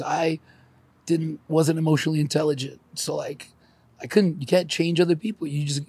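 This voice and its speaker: A man's voice: fairly high pitch, breathy edge. A man in his forties, crying and swearing as he speaks openly on a podcast. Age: 40s. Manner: profane, emotional, laughs through tears. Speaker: podcast co-host. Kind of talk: emotional podcast conversation.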